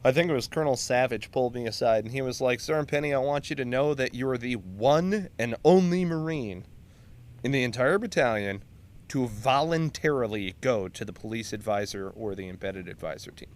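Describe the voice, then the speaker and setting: A man's voice: medium pitch, normal speed. A man, a Marine veteran, telling war-time stories in casual, profane chat. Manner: profane, animated storyteller. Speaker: Marine veteran podcast co-host.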